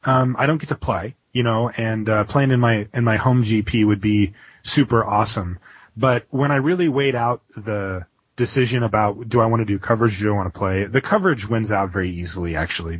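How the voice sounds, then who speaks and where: A man telling a story as a podcast interview guest, excited and rambling, with many restarts and fillers. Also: fairly low pitch, fairly quick, slightly rough. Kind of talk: casual interview. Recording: dull lo-fi podcast audio.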